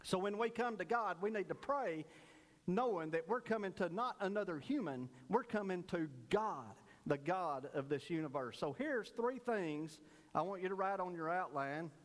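Brief: male pastor, folksy storyteller turned earnest preacher, high-pitched voice, church reverb. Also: animated, moderate pace. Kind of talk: sermon with a told joke.

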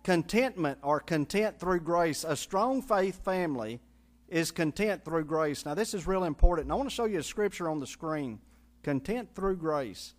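Man, pastor, high voice, folksy sermon, church sanctuary, spells words out. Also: animated, normal speed. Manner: folksy preaching with call-and-response and humor; spells out Greek words letter by letter.

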